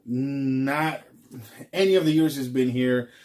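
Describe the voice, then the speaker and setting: A man's voice: medium pitch, slow pace, darkish tone. A man vlogging in a casual ranting monologue, rambling with frequent ums.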